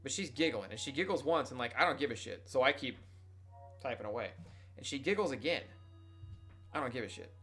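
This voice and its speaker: A man's voice: mid-range voice, animated, a little fast, pauses often, fairly bright tone, breathy edge, faint music behind. A young adult man streaming, casually telling a rambling, profane, self-mocking story to his chat.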